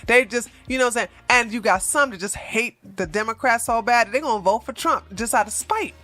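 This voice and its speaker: A woman's voice: fairly high pitch, fairly quick, bright, forceful tone, faint music behind. A woman hosting casual political commentary, sarcastic and emphatic, with slangy phrasing.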